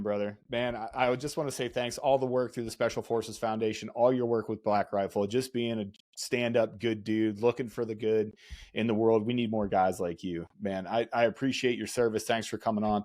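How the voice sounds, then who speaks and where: A man's voice: fairly low pitch, fairly even intonation, a little fast, a little mellow, dry recording. A man hosting a podcast in casual chat, joking and self-deprecating. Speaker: podcast host.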